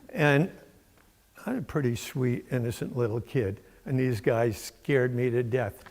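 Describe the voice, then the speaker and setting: An older man from Massachusetts giving a sermon in a church, telling stories in a folksy, unhurried way with fillers. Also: medium pitch, darkish tone. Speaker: preacher. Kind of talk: sermon with storytelling. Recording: long church reverb.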